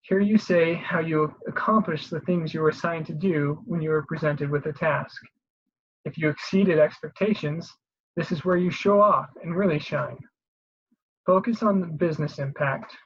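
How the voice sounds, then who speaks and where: A presenter giving an instructional voice-over, explaining each step steadily and clearly with a few small restarts. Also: mid-range voice, moderate pace, dull audio. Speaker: career advice presenter.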